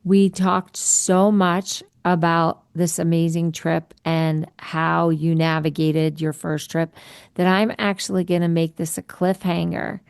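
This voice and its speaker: Gravelly-voiced woman hosting a chat. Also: on the low side, flat delivery, measured pace, dry recording, clean studio sound. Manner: chatty, explains terms for listeners. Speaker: podcast host. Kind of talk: casual interview chat.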